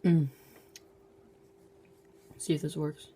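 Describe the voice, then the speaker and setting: A woman talks her viewers through a little home demonstration in an easygoing, unhurried way. Her voice sits a touch low, and her eyes are watering as she speaks. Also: level tone, warm tone, slightly rough. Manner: slow, low-key instructions that break into giggles. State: teary-eyed. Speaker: vlogger.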